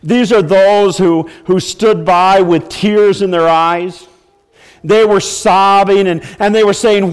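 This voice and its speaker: High-voiced preaching man in a church. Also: fairly even intonation, slow pace, smooth, in a large hall. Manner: preaching with acted outbursts of mock wailing. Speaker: pastor. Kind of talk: sermon.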